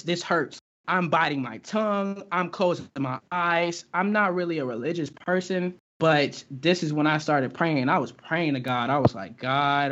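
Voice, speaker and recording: A man's voice: a little high, fairly bright tone. Young man telling a tale in lo-fi sound. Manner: halting, heavy with fillers and restarts. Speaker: guest telling his own experience. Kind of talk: casual storytelling. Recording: dull lo-fi recording.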